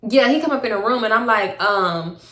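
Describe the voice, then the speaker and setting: A young woman telling a personal story to camera in a casual, slangy, animated way. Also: on the high side, fairly quick. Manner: animated, slangy, acts out both sides of arguments. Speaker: storytime vlogger. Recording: echoey room.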